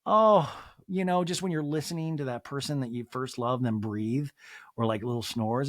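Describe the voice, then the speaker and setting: A man hosting a podcast, chatting casually and excitably, laughing often and slipping into exaggerated voices for quotes. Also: medium pitch, moderate pace, no room sound, clean studio sound. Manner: jumps into exaggerated voices when quoting people. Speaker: podcast host. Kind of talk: casual chat recapping a TV episode.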